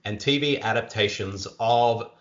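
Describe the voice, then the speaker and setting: A man's voice: fairly low pitch, unhurried, dull audio. An Australian man hosting a casual podcast chat, upbeat and talkative, often restarting his sentences. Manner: upbeat, chatty, frequent restarts and fillers. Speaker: podcast host.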